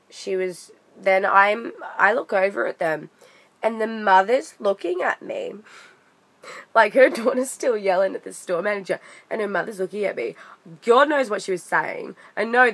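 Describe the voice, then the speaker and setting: A woman's voice: lowish voice, a bit bright. A young woman telling a story in a casual vlog, chatty and indignant, with frequent fillers. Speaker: vlogger.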